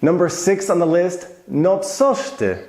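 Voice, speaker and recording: In a reverberant space, a man with a high, slightly mellow voice explains everyday Polish phrases at a measured pace. He hosts a video, keeps things chatty, and slips personal anecdotes into his explanations.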